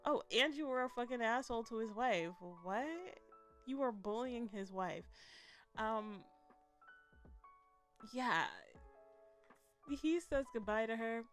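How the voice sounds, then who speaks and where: A woman giving a blunt, animated, profane commentary in a casual vlog, laughing often. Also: on the high side, slow, long pauses, soft background music. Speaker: vlogger reviewing a documentary.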